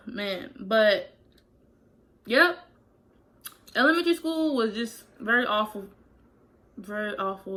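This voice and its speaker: A woman's voice: a little high, a bit bright, low-quality recording. A young adult woman speaking in a candid, confessional way as she tells a personal story to her vlog audience. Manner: candid, confessional, casual chat. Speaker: vlogger.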